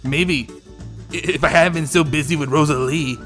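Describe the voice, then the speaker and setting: A man voicing a boisterous, joking big vampire man who rattles off quick, teasing lines in a fan story reading. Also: a little high, fairly bright tone, soft background music, pitched above the performer's own voice, lightly acted. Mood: jokey. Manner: fast, jokey, teasing.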